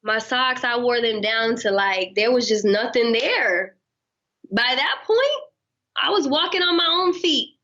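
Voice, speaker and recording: A woman's voice: fairly high pitch, animated, a little slow, pushed and bright, dull audio. A woman co-hosting a podcast in casual chat, teasing and playful. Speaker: podcast co-host.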